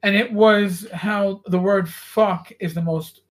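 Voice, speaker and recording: Animated former cop telling stories. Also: male voice, sits high, slow pace. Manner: animated storyteller, swears freely. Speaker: podcast host, former police officer. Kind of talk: casual chat, storytelling.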